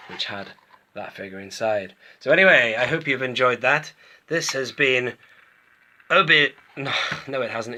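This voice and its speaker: A man with a strikingly bright, forward tone talks casually to camera as he reviews collectible figures. He rambles, doubles back and corrects himself as he goes, in an easygoing, conversational manner. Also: mid-range voice, slight background noise. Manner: rambling, chatty, self-interrupting. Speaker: toy collector channel host.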